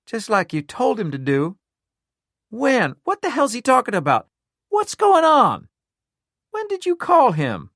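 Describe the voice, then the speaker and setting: A man voicing a tense, desperate woman police detective who shouts and pleads. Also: high voice, measured pace, few pauses, no echo, clean studio sound, pitched above the performer's own voice. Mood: astonished.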